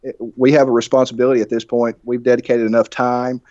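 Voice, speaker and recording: A man with a deep, thick Alabama accent, chatting fast and laughing often as a podcast guest. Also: level tone, warm tone, no echo, dull audio. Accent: Southern US, Alabama. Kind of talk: casual chat.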